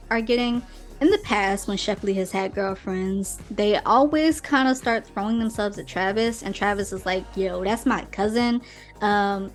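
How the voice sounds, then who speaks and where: A woman hosting a casual podcast, recapping a romance novel in a slangy, animated way and acting out the characters' quotes. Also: medium pitch. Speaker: podcast host. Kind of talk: casual book review chat.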